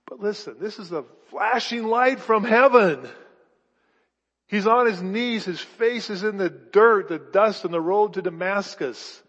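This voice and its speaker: Guy preaching in a church, kinda high voice, echoey hall, muffled sound. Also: measured pace, a bit bright. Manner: emphatic, with many restarts. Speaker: pastor. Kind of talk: sermon. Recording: dull, echoey hall recording.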